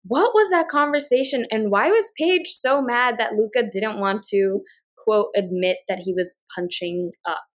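Chatty woman with a higher voice. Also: normal speed. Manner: rambling, lots of filler words, animated when retelling. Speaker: podcast co-host. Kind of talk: casual chat.

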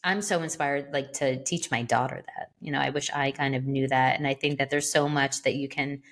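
A woman's voice: extremely low pitch, steady tone, moderate pace. A woman co-hosting a podcast in casual chat, rambling along with lots of "like" and "you know.". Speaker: podcast co-host.

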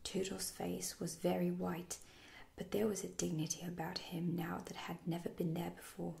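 Asmr lady whispering a story, gravelly fry, echoey room. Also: lowish voice, monotone, moderate pace, a little hiss or hum. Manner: whispered, soft-spoken. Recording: roomy echo.

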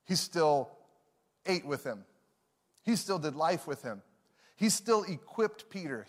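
A man preaching a sermon as a pastor, animated and emphatic, often repeating key phrases. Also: high voice, long reverb tail.

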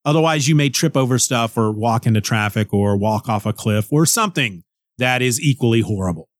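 A man hosting a podcast in a casual, rambling monologue, goofy and quick to joke at his own expense. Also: medium pitch, expressive, dry recording. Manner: goofy, rambling, jokes at himself. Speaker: podcast host.

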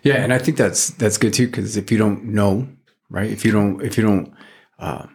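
A man's voice: on the low side, fairly even intonation, normal speed, a little mellow, husky. A man hosting a faith podcast, talking casually and rambling with lots of fillers and restarts. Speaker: podcast host.

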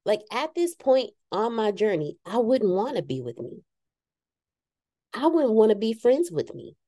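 A woman's voice: fairly high pitch, big pitch swings, unhurried, warm tone. A woman co-hosting a casual talk show about spiritual growth, speaking candidly and poking fun at herself with preachy asides. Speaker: podcast co-host.

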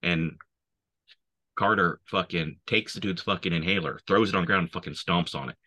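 A man with a very low voice that still has a bright, cutting edge tells army stories in a relaxed way. He swears through nearly every sentence. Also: moderate pace. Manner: profane, swears constantly. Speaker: army veteran. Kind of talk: casual war storytelling.

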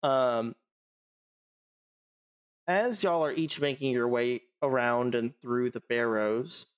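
Rambling game master, lots of fillers. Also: male voice, mid-range voice, slow. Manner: rambling, filler-heavy, laughs easily. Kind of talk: narrating a tabletop game.

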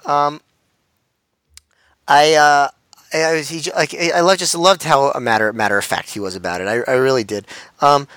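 A man's voice: on the high side, normal speed, pauses often, a bit bright, no room sound. A man co-hosting a podcast in casual chat, often stammering and repeating words. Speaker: podcast co-host. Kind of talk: casual chat reviewing wrestling shows.

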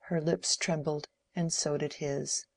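Low gravelly woman reading an old novel, steady, dry close sound. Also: slow, no echo. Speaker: audiobook reader. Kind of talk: scripted narration.

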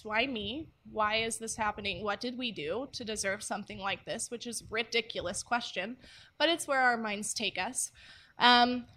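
A woman's voice: a little high, sharp tone. A young woman speaking earnestly about faith, candid and personal, with frequent ums. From United States. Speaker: church ministry speaker. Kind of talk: faith-based teaching talk.

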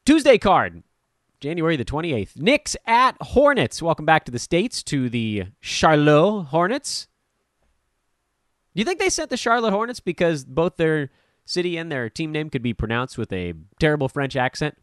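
A man hosting a fantasy basketball podcast, talking casually in an animated, rambling, blunt and jokey way. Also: on the high side, moderate pace, no echo, studio quality. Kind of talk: casual podcast talk with sponsor promo.

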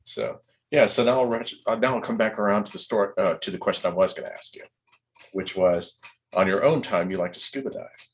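Relaxed low-voiced interview host man. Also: fairly quick. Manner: relaxed, laughs along, steers back to questions. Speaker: podcast host. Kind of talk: casual interview chat.

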